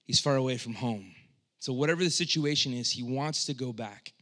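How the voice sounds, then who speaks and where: A male pastor delivers a sermon in a bright, forward voice. He talks in a loose, conversational way, then drops to a hush before rising into fervent, loud appeals. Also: a little fast. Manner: swings from hushed, low delivery to loud impassioned cries; conversational, with frequent "like" and restarts.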